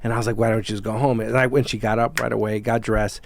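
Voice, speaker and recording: A man's voice: fairly low pitch, flat delivery, quick pace, gravelly, slight background noise. A man hosting a podcast, telling a story in casual chat with a rambling, profane manner. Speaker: podcast host.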